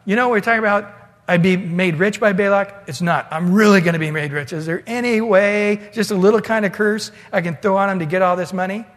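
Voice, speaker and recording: Greedy, bargaining male prophet, acted by a preacher; high, wheedling voice in a reverberant hall. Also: fairly quick, a bit bright.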